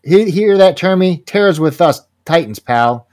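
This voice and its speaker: Brief: a bright, keen young hero, voice lifted higher, as a man puts him on. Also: animated, a little slow. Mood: upbeat. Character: eager, cheerful young shapeshifting male hero.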